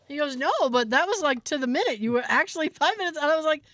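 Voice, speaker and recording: A woman's voice: high voice, fast talker, no room sound, studio quality. A woman co-hosting a podcast, telling a story in casual chat and acting out what other people said. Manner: animated anecdote teller who acts out quoted people. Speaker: podcast co-host.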